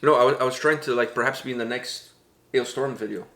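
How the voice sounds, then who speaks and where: A man's voice: medium pitch, fast, a bit bright. A man co-hosting a reaction video in casual chat, rambling and joking, often stumbling over his restarts. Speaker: reaction channel co-host. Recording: echoey room.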